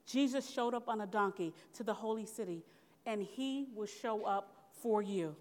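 A woman's voice: mid-range voice, normal speed. A woman preaching a sermon in an earnest, conversational way, asking the congregation questions as she goes. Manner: earnest, conversational preaching with call-and-response asides.

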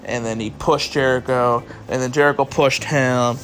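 A man's voice: mid-range voice, fairly even intonation, normal speed. A man hosting a solo podcast, talking casually and rambling to his listeners, sounding tired and yawning, with some swearing. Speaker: podcast host. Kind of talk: solo wrestling review podcast.

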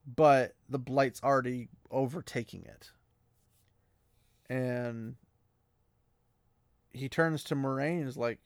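A man hosting a podcast, chatting excitedly about a fantasy novel, laughing often and mimicking characters. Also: mid-range voice, slow pace, pauses often, no echo.

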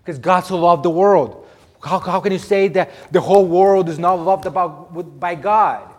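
A man preaching a sermon, emphatic, swinging between loud declarations and hushed asides. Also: sits high, moderate pace. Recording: long hall reverb.

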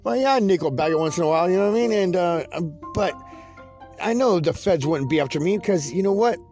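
High-pitched guy from the central valley, cussing nonstop, rambling story, keeps cracking himself up, faint music behind. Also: animated, fast talker, darkish tone. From California Central Valley. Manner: rambling, heavy swearing, laughs through his story. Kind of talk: casual profane storytelling monologue.

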